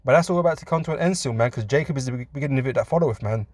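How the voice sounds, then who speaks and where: A man teaching from scripture in a casual, conversational way, often saying "man" and laughing between points, and reading verses slowly. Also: mid-range voice, a little mellow, no room sound. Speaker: preacher.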